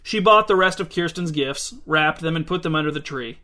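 Male narrator for a storybook reading, bright, somewhat high voice. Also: fairly quick.

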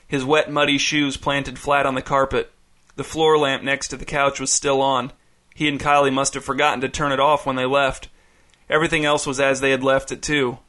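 A man narrating a story in a measured, even audiobook style. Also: mid-range voice.

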